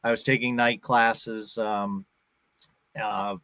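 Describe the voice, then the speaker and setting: A man's voice: fairly low pitch, flat delivery, takes it slowly, sharp tone, clear, resonant tone, no room sound. A man in his fifties from the Boston area, with a faint Boston accent, chatting as a guest and acting out quoted voices in his stories. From Boston area, USA. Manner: storytelling, acts out quoted voices. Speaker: actor and guest. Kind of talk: casual interview chat.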